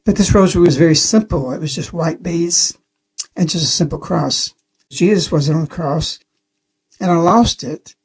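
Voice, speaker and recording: A man's voice: a little high, moderate pace, husky. A man giving an earnest spoken testimony on a religious radio program, telling the story plainly and repeating key phrases.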